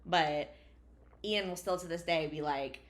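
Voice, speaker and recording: A woman in her thirties co-hosting a casual podcast chat, relaxed and quick to laugh. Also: fairly low pitch. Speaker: podcast co-host.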